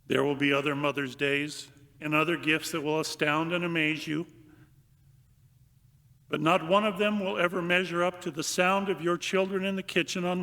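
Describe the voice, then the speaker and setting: An older priest preaches a homily in a bright, forceful voice that sits a little high for a man. He speaks slowly and thoughtfully with long pauses, and turns lively and comic when he reads aloud. The sound rings with the long reverb of a large church. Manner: reflective, unhurried delivery with long pauses.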